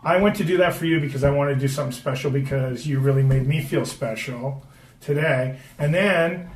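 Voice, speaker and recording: A man's voice: mid-range voice, brisk, far from the mic. A middle-aged man from the Boston area, a retired hockey player, telling stories in a rambling, profane way with many restarts and fillers. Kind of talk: casual storytelling chat. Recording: echoey room, a bit off-mic, faint background noise.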